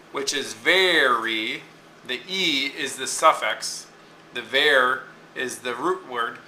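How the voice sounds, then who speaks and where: A man's voice: a little high, pushed and bright, reverberant, slight background noise, rough recording. A man teaching a lesson, explaining step by step and often checking in with "okay?". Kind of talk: classroom lecture on poetic meter.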